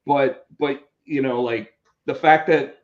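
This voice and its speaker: A podcast host in casual movie chat, animated, with many restarts. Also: male voice, mid-range voice, takes it slowly, heavy background noise. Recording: roomy, dull lo-fi sound.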